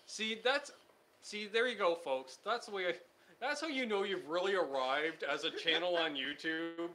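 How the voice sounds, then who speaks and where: A man's voice: high voice, moderate pace, pushed and bright. A man co-hosting a casual guitar chat, easygoing as he reads out viewer comments. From Canada. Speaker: co-host.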